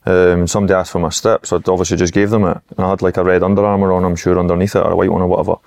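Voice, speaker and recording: A man's voice: low voice, flat delivery, rapid-fire, creaky, darkish tone. A man with a Scottish accent, a former footballer telling rambling stories as a podcast guest. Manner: rambling, anecdotal storytelling. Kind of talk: casual podcast chat.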